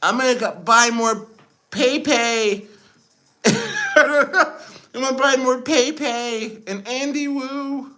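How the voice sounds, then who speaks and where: A man doing a goofy high-pitched impression of a gleeful male world leader during a livestream joke. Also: very animated, takes it slowly, bright, forceful tone, heavily acted. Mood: giddy. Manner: high squeaky comic impression.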